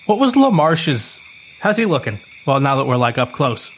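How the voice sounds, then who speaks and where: A man's voice: mid-range voice, big pitch swings, moderate pace, slight background noise. A man playing a tabletop game, easygoing and full of hesitant fillers. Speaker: player.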